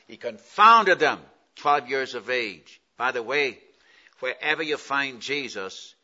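A man preaching a sermon, asking the congregation questions and answering them, building to loud emphatic peaks. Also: medium pitch, highs cut off.

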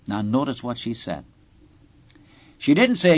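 A man's voice: mid-range voice, big pitch swings, measured pace, pauses often, darkish tone, dry recording, muffled recording. A man preaching an expository sermon, reading scripture aloud and speaking earnestly and directly to his listeners. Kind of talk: Bible-teaching sermon.

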